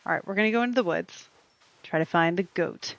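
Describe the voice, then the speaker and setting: Gravelly woman chatting through a cozy game. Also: fairly low pitch, a little fast, no room sound. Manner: chatty and rambling, talking to the game and to her dog. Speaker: streamer playing a cozy game. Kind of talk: casual gameplay chat. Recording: dull lo-fi stream audio with faint game music.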